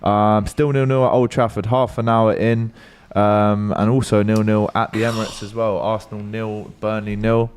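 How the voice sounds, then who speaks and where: A man's voice: lowish voice, little pitch movement, normal speed, few pauses, a little mellow, clean tone. A man hosting a live football show, reading out scores and viewer comments with a lot of fillers. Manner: reads scores and chat comments with filler words. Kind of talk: live stream score updates and banter.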